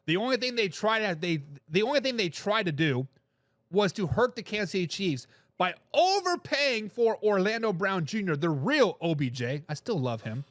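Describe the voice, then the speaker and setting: Lively, high-pitched sports talk host. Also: male voice, moderate pace, no room sound, clean studio sound. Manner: animated, opinionated, reads chat comments aloud. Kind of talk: live sports talk show.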